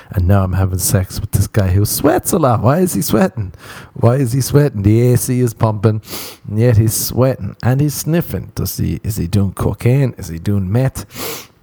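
A man's voice: on the low side, normal speed, mellow, slightly rough. A man doing a rambling, self-mocking comic monologue with a foreign accent. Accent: non-American. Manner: rambling, self-mocking, playful voices for quoted people. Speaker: comedian.

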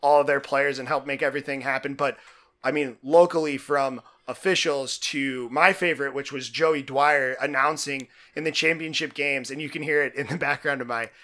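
Bright-voiced enthusiastic podcast co-host. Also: male voice, medium pitch, steady tone, normal speed. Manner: rambling, enthusiastic, lots of fillers. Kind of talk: casual chat.

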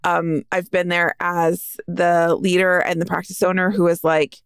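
Smooth low-voiced female co-host. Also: level tone, a little slow, dry recording, clean studio sound. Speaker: podcast co-host, practice management consultant. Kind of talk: casual podcast chat.

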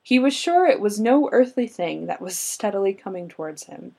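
A woman's voice: mid-range voice, big pitch swings, normal speed, gravelly, dark tone, husky. A woman chatting casually with friends and reading a folklore account aloud dramatically, often breaking into laughter.

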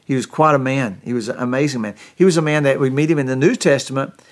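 A middle-aged man preaching a sermon in a middle-pitched voice. He tells the story in a folksy, homespun way, often restarting his sentences. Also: quick pace. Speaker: pastor.

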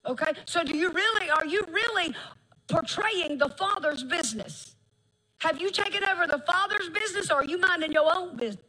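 High, bright-voiced folksy woman preacher. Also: animated, rough recording. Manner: folksy, emphatic, drawn-out phrases and laughter. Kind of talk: sermon.

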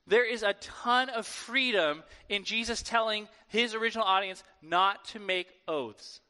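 A man preaching a sermon to his church in a lively, conversational way, acting out quoted voices. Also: high-pitched, measured pace, clean tone. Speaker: pastor. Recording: long hall reverb.

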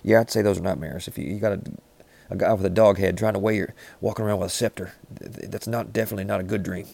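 A man in rambling, deadpan comedic banter, riffing with frequent restarts. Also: lowish voice, fast talker, creaky.

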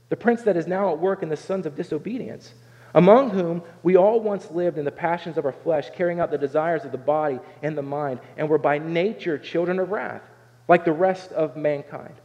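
A man from Southern Ohio preaches a sermon in a fairly high voice, earnest and conversational, with frequent restarts. His words ring out with a long reverb tail, and the recording sounds a little dull. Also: moderate pace, mellow. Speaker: pastor.

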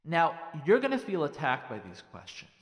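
A man, a rabbi, giving marriage advice in a radio talk, animated and repeating lines for emphasis while acting out the dialogue he describes. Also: a little high, moderate pace, in a large hall.

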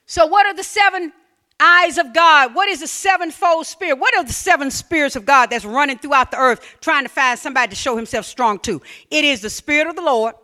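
A woman pastor from Mobile with an Alabama Southern accent, preaching a sermon in a folksy, humorous storytelling manner that swings between loud and hushed. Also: high voice, a little fast.

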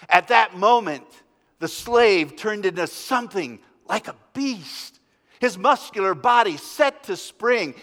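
A male pastor telling a sermon story with drama, his voice rising loud and falling to a hush. It sits somewhat high for a man, and a long reverb fills the church around him. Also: big pitch swings, unhurried. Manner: dramatic storytelling, swinging between loud and hushed.

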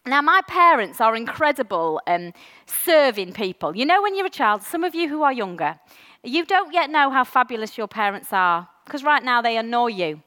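Animated woman preaching in a reverberant hall. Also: fairly high pitch, moderate pace. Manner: candid, animated, warm-hearted with frequent ums. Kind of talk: sermon. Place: church hall.

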